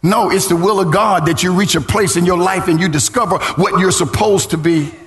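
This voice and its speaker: A middle-aged man preaching a sermon as pastor, swinging into sung, shouted lines and calling on the congregation to respond. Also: high-pitched, fairly quick. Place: church. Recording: church hall reverb.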